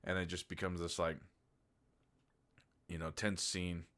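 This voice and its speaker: A man's voice: low voice, level tone, measured pace, a bit bright. A man giving a casual, rambling movie review, candid and loose, with lots of filler words and the odd swear.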